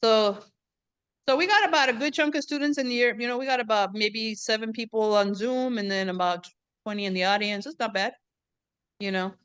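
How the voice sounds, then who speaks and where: A joking, talkative woman hosts a book talk for students. Her voice is bright and crisp, close and dry with no room echo. She drops into Spanish now and then as she chats. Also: a little high, a little fast. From US-Mexico border region. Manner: chatty, joking, mixes in Spanish. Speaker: event host and professor. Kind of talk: casual chat hosting a book event. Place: classroom or event room.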